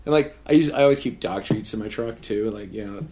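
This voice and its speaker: Dude with a lowish voice ranting about work, swearing constantly. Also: male voice, quick pace, a little mellow. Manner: profane, ranting, laughing asides. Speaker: technician who visits homes. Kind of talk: casual chat.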